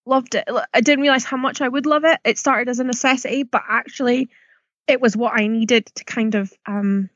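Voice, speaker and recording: Scottish woman, podcast guest, chatty and giggly, a bit high, dull lo-fi sound. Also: fairly even intonation, brisk, a bit bright, no room sound. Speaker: guest, yarn dyer. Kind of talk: casual interview chat.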